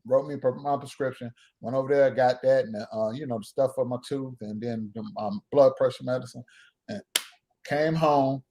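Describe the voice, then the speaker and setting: A man's voice: mid-range voice, fairly even intonation, normal speed, warm tone. A man hosting a live stream, rambling through a self-mocking story and acting out the dialogue. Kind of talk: casual storytelling. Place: home.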